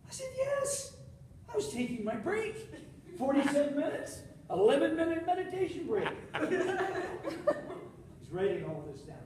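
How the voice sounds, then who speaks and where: An older man with a high, lively voice delivers a humorous speech, acting out what each person says. He sounds distant, and a big hall echoes around him. Faint noise sits behind his voice. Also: moderate pace. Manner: storytelling with lively acted quotes. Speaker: contest speaker. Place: large hall with an audience. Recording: echoey hall, speaker far from mic.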